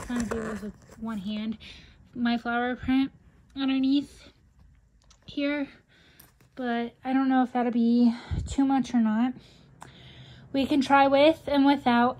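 A young woman with a fairly high voice talks slowly as a casual vlogger. She rambles and thinks out loud, scattering "like" through her sentences as she weighs her choices. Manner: rambling, thinking aloud with many "like"s. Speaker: fashion vlogger. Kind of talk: casual vlog chat.

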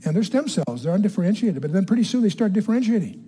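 A man's voice: high voice, very animated, fast talker, mellow, slight background noise. An older man giving a Bible teaching to a room, emphatic, repeating key words and putting questions to his listeners. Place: room with a live audience.

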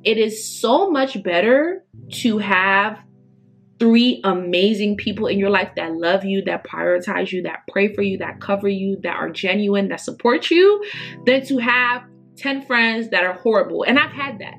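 Young woman vlogger, early 20s, casual emphatic chat, mid pitch, soft guitar music behind. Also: unhurried. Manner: chatty, emphatic, lots of fillers. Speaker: beauty vlogger.

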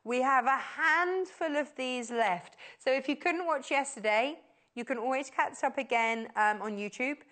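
A woman presenting on a shopping channel, giving a live on-air sales pitch in a gushing, enthusiastic way that keeps repeating words of praise. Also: measured pace, sharp tone. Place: TV studio.

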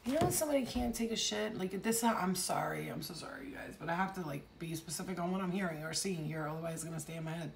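A woman's voice: fairly low pitch, fast talker, gravelly, hardly any pauses, slight background noise. A woman giving a rambling, casual intuitive reading, chatty and blunt with crude jokes. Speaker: psychic tarot reader.

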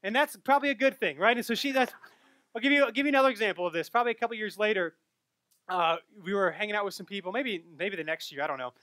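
A young adult man giving a sermon as a pastor, telling stories in an animated way that rises and gets louder at the punchlines. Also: high-pitched, fast talker, dry recording. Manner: animated storytelling, rising loud at punchlines.

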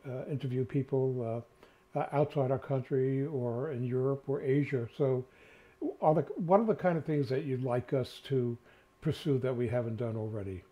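An older man with a New York accent, co-hosting a casual chat, rambling with many filler sounds. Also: medium pitch. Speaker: co-host. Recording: dull lo-fi sound.

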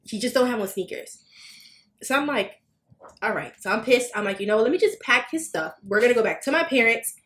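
A woman on a podcast telling a personal story in casual chat, swearing freely and acting out quotes with sudden high, loud bursts. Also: brisk. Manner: animated, swearing, acts out quotes with big jumps in pitch. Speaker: podcast co-host.

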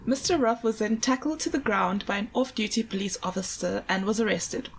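A woman's voice: medium pitch, brisk, gravelly, slight background noise, low-quality recording. A woman from South Africa co-hosting a podcast, telling stories in casual chat and often laughing. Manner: chatty, giggly, often breaks into laughter. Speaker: podcast co-host.

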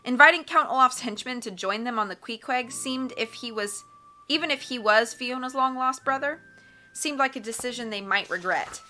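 A woman narrating an audiobook in an expressive, measured way. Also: on the high side, a little hiss or hum. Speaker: audiobook reader.

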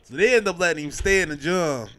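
A man hosting a casual podcast, talking in a lively, slangy way and acting out scenes as he recaps a show. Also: a little high, quick pace. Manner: animated, slangy, acts out scenes with quoted voices. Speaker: podcast host.

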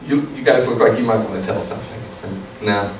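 A man preaching a sermon as pastor, telling a story in a relaxed, conversational way and putting questions to his congregation. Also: lowish voice, a little fast, background noise. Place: church sanctuary. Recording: echoey hall, distant mic, room ambience.

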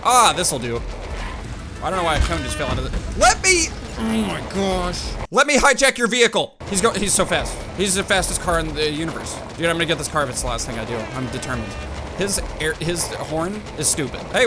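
Excitable young man doing game commentary. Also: fairly high pitch, quick pace. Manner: excitable, loud outbursts and gasps. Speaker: gaming YouTuber. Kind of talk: let's play commentary. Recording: game music behind the voice. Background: game music.

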